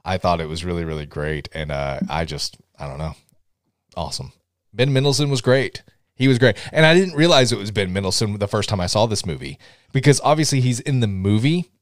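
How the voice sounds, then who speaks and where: A man co-hosting a casual movie podcast, talking with enthusiasm and letting his sentences fade quietly at the end. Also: on the low side, brisk, no echo, studio quality. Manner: enthusiastic, trails off quietly at ends of thoughts. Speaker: podcast co-host.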